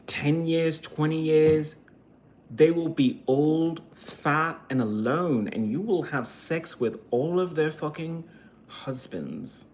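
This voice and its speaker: A man's voice: a little high, takes it slowly, slight background noise. Heated, swearing man ranting to camera. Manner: heated, swearing, swings from shouting to quiet. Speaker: vlogger. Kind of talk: profane monologue rant.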